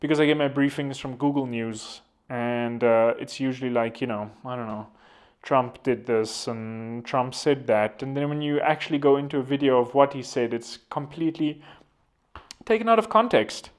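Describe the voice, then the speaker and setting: A young man with a South African accent talking casually at a middle pitch. He rambles from point to point and keeps making self-deprecating jokes. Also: brisk, clear, resonant tone. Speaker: vlogger. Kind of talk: casual political commentary.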